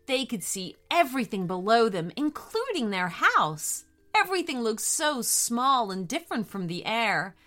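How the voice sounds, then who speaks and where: A woman hosting a children's story podcast, greeting kids and narrating a storybook adventure in an animated way. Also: fairly high pitch, unhurried, faint music behind. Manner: warm, animated, addresses kids directly.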